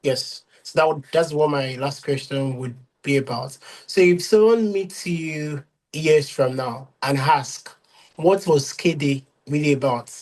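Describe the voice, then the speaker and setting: A man hosting an interview on a video call, his voice sitting a little higher than most men's. He heaps praise on his guest and speaks in halting, repeated phrases. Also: a little mellow. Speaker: host.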